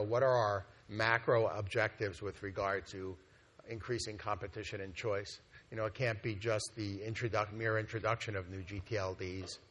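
Lowish-voiced man giving a conference talk. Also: fairly bright tone. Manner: conversational, with frequent fillers and restarts. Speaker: organization executive presenting a plan. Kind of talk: conference presentation. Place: meeting hall at a conference.

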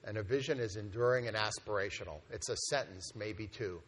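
A man with a somewhat low voice gives a conference presentation at a meeting. He explains things in a conversational, unscripted way, often pausing with "um" and restarting phrases. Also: a bit bright. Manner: conversational, with frequent fillers and restarts. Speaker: organization executive presenting a plan.

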